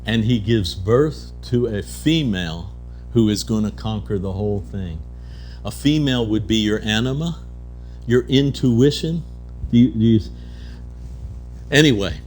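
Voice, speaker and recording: A man's voice: fairly low pitch, measured pace, darkish tone, soft background music. A man giving a keynote at a conference, telling mystical stories and acting out the characters in them. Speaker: keynote speaker. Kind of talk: spiritual storytelling lecture. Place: conference hall.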